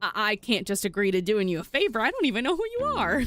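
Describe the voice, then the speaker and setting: A woman's voice: mid-range voice, wildly swooping pitch, fast, fairly bright tone. A woman voicing an earnest, reasonable frog detective in a game, close to her own voice. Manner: earnest, reasonable, mildly flustered. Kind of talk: voice acting a game character.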